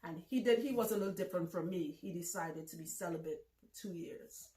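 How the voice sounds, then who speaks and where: A woman in her thirties hosting a casual vlog, talking loudly and bluntly and laughing often. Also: on the low side, fairly quick. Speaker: vlog host. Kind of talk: casual talk to camera. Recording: echoey room.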